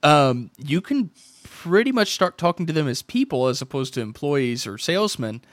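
A man's voice: fairly high pitch, sing-song, moderate pace, dry recording, clean studio sound. A man hosting a podcast in casual chat, telling rambling stories and acting out quoted dialogue. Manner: rambling storyteller, acts out quoted dialogue with restarts. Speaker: podcast host.

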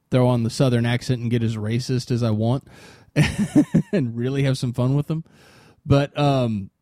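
A man hosting a loose podcast conversation, laughing as he spins a story. His voice is mid-pitched and sits close and dry, with no room around it. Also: warm tone, no room sound. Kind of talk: casual group chat.

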